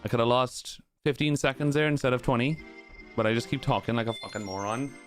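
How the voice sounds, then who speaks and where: A man's voice: medium pitch, fairly even intonation, a little fast. A man streaming a speedrun, talking himself through his mistakes and swearing at the game. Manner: swearing, frustrated self-talk. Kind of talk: live gameplay commentary. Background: music.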